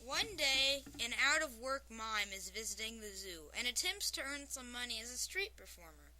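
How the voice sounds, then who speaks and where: Bright-voiced woman reading jokes aloud. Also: a little high, moderate pace, slight background noise, rough recording. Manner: animated storytelling, shouting out quoted lines. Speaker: talk show host.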